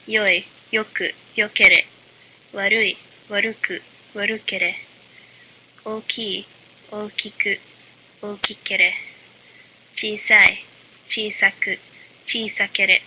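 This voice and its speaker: A woman reading a mock language lesson in a deadpan voice, dropping dry joke asides between the examples. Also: mid-range voice, poor audio. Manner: deadpan, flat-voiced delivery. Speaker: lesson narrator. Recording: loud constant background hiss.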